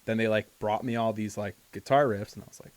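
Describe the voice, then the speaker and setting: A man's voice: on the low side, fairly even intonation, fast talker, no echo. Laid-back young man, dry sound. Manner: laid-back, joking, lots of "like". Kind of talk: casual podcast chat.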